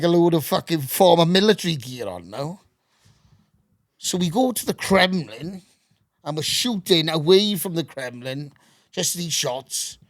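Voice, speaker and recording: Middle-aged male podcast guest: raspy, higher-set voice, profane and animated, recorded dry and close. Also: no echo. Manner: swears constantly, animated anecdotes. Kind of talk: casual storytelling.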